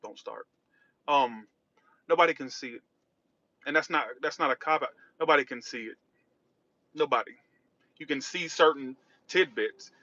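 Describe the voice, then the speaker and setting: A man's voice: a little high, normal speed, pauses often, bright, forceful tone, no echo, dull audio. A man chatting casually on a livestream while driving, rambling and reacting to chat. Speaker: tarot reader livestreaming. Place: in a car driving.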